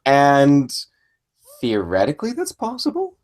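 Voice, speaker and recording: A man's voice: mid-range voice, wildly swooping pitch, a little slow, a little mellow. Casual man speaking over a video call. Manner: casual, hedging, many fillers. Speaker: guest, computer scientist.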